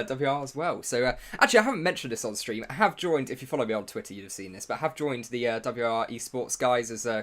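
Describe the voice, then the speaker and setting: A young man hosting a casual live stream, greeting viewers in the chat and making self-mocking asides while he sets up. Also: medium pitch. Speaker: livestream host.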